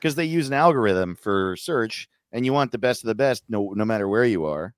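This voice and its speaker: A man's voice: lowish voice, lively intonation, fairly quick, dry recording, studio quality. A man in casual comedic podcast chat, joking and slipping into silly voices. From Chicago area. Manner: joking, does silly put-on voices, laughs often.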